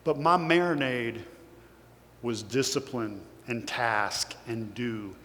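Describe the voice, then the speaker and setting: A man's voice: medium pitch, slow, a bit bright. Man, Kentucky accent, earnest storyteller, emotional, echoey big room, faint hum. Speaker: guest speaker. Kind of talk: motivational talk. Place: large hall with audience.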